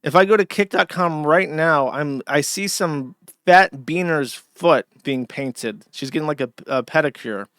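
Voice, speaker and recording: A man's voice: a little high, measured pace, fairly bright tone, no echo, clean studio sound. A man hosting a livestream, ranting and swearing in casual commentary. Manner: profane, ranting. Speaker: stream host.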